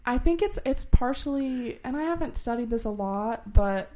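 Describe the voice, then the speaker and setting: A woman's voice: a little high, animated, normal speed, warm tone. A young woman in casual chat, explaining things in an informal, chatty way and laughing often.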